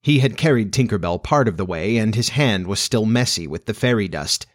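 A man narrating a children's classic as an audiobook in a measured, expressive storytelling manner. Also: on the low side.

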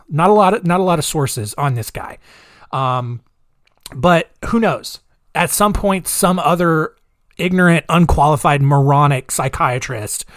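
A male host telling a true crime story in a casual, chatty way, sarcastic and quick to laugh. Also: a little high, fairly bright tone, no echo, studio quality. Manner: chatty, laughs at his own jokes, sarcastic.

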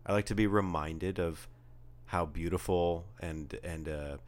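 A man co-hosting a podcast from his beachside apartment, chatting casually in a rambling, deadpan way. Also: low voice, unhurried. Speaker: podcast co-host. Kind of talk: casual chat.

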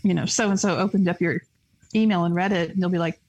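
A woman chatting casually on a podcast, teasing with quick remarks. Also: fairly low pitch, fairly even intonation, a little mellow, muffled recording.

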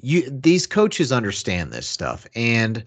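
A man's voice: mid-range voice, huge pitch swings, slow. A man in a casual sports debate, insistent and argumentative, with many fillers.

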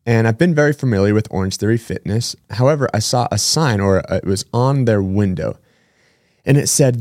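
A man's voice: lowish voice, lively intonation, a little fast, a little mellow, no room sound, clean studio sound. A man hosting a casual podcast, chatting in a rambling way with side-tracks and self-corrections. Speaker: podcast host. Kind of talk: casual solo podcast chat.

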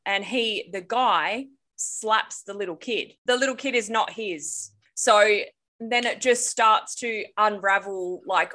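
A woman on a podcast explains a story in a loose, rambling way, full of "um" and "like". Her voice is bright and clear at a middle pitch. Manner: rambling explanation with many fillers and restarts. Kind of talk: casual podcast chat.

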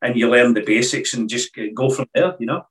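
A middle-aged Scottish man speaks as a podcast guest in a mid-pitched voice, relaxed and halting, often starting over mid-sentence. He sits a little back from the microphone, so his voice sounds slightly distant. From Scotland. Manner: hesitant, many restarts, relaxed storytelling. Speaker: guest, former snooker player. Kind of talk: casual interview chat.

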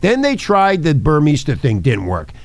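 A man's voice: on the high side, huge pitch swings, unhurried, no echo. A man hosting a talk show, ranting and mocking, with sudden swings into put-on voices.

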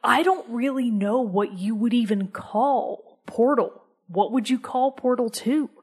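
A woman's voice: on the high side, a little slow, husky. A woman co-hosting a podcast, chatting casually and with enthusiasm, sometimes dropping to a near-whisper for emphasis. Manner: enthusiastic, conversational, drops to a soft whisper for emphasis. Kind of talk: casual chat.

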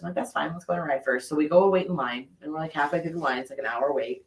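A man co-hosting a podcast, telling a story in casual chat with swearing and animated asides. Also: fairly high pitch, very fast, distant mic. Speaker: podcast co-host. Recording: roomy sound from off the mic.

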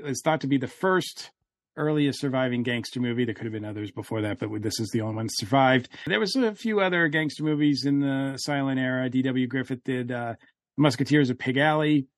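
A man's voice: mid-range voice, brisk, no room sound, clean studio sound. A man co-hosting a podcast in casual chat, hesitant and full of "uh" fillers. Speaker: podcast co-host.

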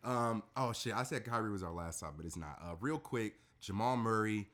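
A man's voice: lowish voice, animated, moderate pace, fairly bright tone. A man hosting a casual sports podcast, rambling with fillers and swearing freely.

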